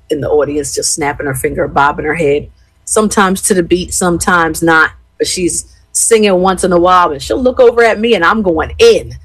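Husky, animated woman in her fifties. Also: deep voice, no echo, low-quality recording. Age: 50s. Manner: animated, expressive storyteller. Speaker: live-stream host. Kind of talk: casual chat with viewers.

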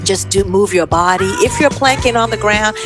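A woman's voice: mid-range voice, normal speed, over music. A middle-aged woman hosting a live show, chatting with enthusiasm and reading out viewer comments before leading a plank exercise. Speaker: host. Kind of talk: live show chat with fitness cueing.

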